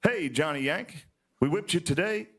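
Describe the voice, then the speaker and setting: A man's voice: a little high, expressive, a bit bright, pitched above the performer's own voice. Man doing a folksy old Southern historian. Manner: slow, drawling folksy storytelling. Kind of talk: stand-up impression.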